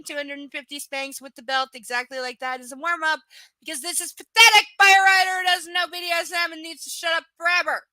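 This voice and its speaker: High, bright-voiced sarcastic woman reading aloud. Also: no echo. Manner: sarcastic, profane, exasperated asides. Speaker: live book reader. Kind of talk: live reading with ranting commentary.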